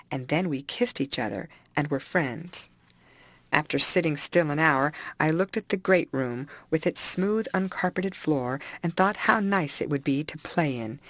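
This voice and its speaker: A woman reads a classic novel aloud with a low, steady voice and a measured pace. She is recorded close to the mic in a dry room. The sound is plain and even. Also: dry recording. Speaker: audiobook reader.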